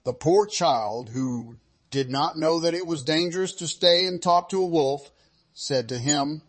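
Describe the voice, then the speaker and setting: A man narrating a fairy tale as a storyteller, with a measured storybook cadence. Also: fairly high pitch.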